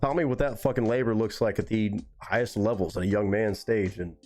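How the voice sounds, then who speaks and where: A man with a fairly low voice tells a long story on his live stream. He talks in a relaxed, rambling way and swears freely. Soft music plays faintly behind him. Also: fairly quick. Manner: relaxed, rambling and heavily profane.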